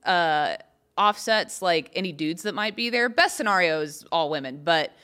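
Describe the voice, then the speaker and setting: A woman's voice: lowish voice, animated, moderate pace, a bit bright, clean tone. A young adult woman from Texas, a comedian guest, telling frank stories in casual podcast chat with frequent laughs.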